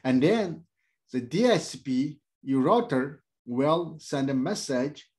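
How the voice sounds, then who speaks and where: A male instructor explaining networking in a halting, plain way, with many fillers and everyday comparisons. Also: a little high, animated, darkish tone. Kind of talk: screen-share tech lesson.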